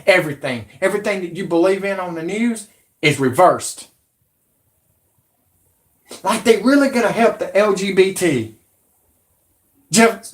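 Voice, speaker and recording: A man in his forties with a drawl rants at his audience in a combative, profanity-laced monologue. His voice sits somewhat high for a man. He sounds like a channel host talking straight to camera. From Alabama, USA. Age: 40s. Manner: profane, combative, shouting at viewers. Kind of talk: angry ranting monologue.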